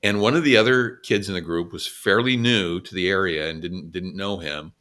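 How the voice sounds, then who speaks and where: A man's voice: deep voice, moderate pace, pushed and bright. A man co-hosting a podcast, reflecting earnestly in casual conversation and sharing his own experiences. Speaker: podcast co-host.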